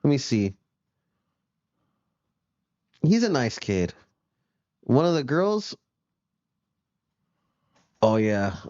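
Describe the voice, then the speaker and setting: A man's voice: medium pitch, big pitch swings, extremely slow, long pauses, darkish tone, no room sound, dull audio. Laid-back profane man chatting. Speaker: podcast co-host. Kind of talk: casual chat reacting to news clips.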